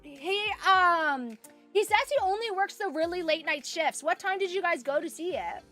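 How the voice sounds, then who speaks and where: A woman's voice: very high voice, moderate pace, pushed and bright, faint music behind. A young woman with a Canadian accent chatting casually with viewers while sewing, telling a story in a rambling way full of "like"s and laughs. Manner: rambling, many "like"s and restarts, laughs a lot. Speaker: vlogger chatting with live viewers.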